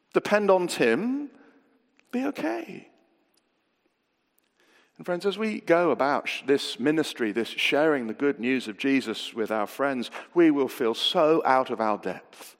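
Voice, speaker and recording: A man preaching a sermon, swinging between loud emphatic lines and hushed, slow ones. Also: a little high. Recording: long hall reverb.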